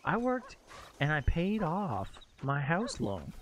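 Animated, exclaiming young streamer guy. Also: high voice, unhurried, a little hiss or hum. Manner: exclamatory, swears often, talks to chat. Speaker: game streamer. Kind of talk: live gameplay commentary.

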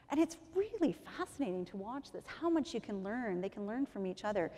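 Woman, conference presenter, lively and chatty, long hall reverb. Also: mid-range voice, fairly quick, creaky, few pauses. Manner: lively, chatty, acts out patient quotes. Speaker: physiotherapist presenter. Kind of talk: conference talk.

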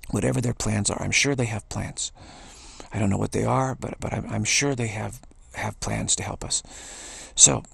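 A man with a deep, heavily gravelly voice gives an earnest spiritual talk. He repeats his key phrases and stumbles into restarts, and his husky tone sits in a dry, close-sounding space. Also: fairly even intonation, moderate pace, a bit bright, dry recording. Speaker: spiritual speaker.

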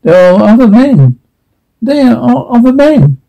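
A man's voice: high-pitched, animated, measured pace, mellow, breathy edge, exaggerated voice, low-quality recording. A man voicing a tense, disbelieving father in a radio play reading. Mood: amazed. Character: stunned father of a survivor family.

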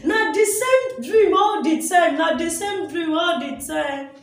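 A woman's voice: extremely high pitch, measured pace. An actress playing a distraught, childless young wife with a Nigerian accent, crying and repeating herself as she pleads. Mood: pleading. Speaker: church member. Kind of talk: film acting. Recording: very echoey room, voice from far off.

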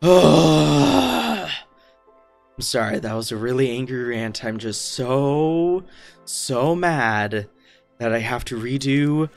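A man's voice: mid-range voice, expressive, takes it slowly, creaky, faint music behind. Man swearing through a game. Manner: swears constantly, ranting in frustration; yells at the game. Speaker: gaming YouTuber playing a retro game. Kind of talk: let's play gaming commentary.

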